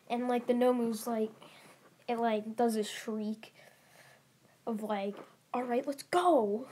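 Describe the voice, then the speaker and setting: A woman's voice: a little high, dark tone, slight background noise. A young woman narrating a fan story in a casual, rambling way, giggling and restarting often. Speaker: channel host.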